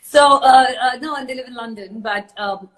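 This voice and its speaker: A woman in her forties chats on a phone, telling her side of a story. Her voice sits a little high, and her talk is full of "uh" and "um" as she works through it. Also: normal speed, low-quality recording. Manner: chatty storytelling, many fillers. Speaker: live stream host. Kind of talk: casual chat on a live stream.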